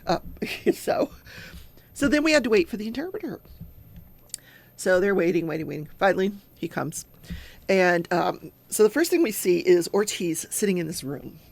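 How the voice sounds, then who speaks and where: A woman's voice: fairly low pitch, sing-song, normal speed, gravelly, a little mellow, dry recording. An older woman hosting a casual talk show, recapping a trial and acting out quotes as she goes. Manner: chatty storyteller who acts out quotes. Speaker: crafting talk show host.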